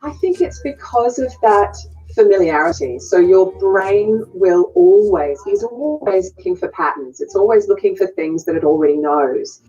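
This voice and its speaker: A woman's voice: mid-range voice, lively intonation, moderate pace, warm tone, lo-fi sound, faint music behind. A woman dialect coach, answering interview questions thoughtfully and hesitantly, with restarts.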